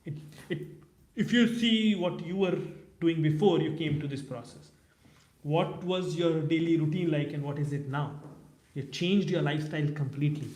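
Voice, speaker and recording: Male teacher, a bit high-voiced, lively storyteller, echoey temple hall. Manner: animated storytelling. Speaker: class speaker. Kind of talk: scripture class.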